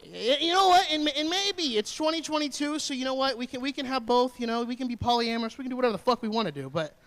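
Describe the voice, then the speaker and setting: A man's voice: extremely high pitch, expressive, fast, fairly bright tone, low-quality recording. A young man from Indiana doing rambling, crude, self-deprecating stand-up comedy.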